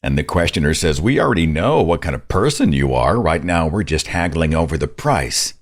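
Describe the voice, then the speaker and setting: Indignant man, sarcastic and lively. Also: a bass voice, moderate pace. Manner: sarcastic, indignant, mocks others' voices. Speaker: podcast host. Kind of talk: opinionated commentary.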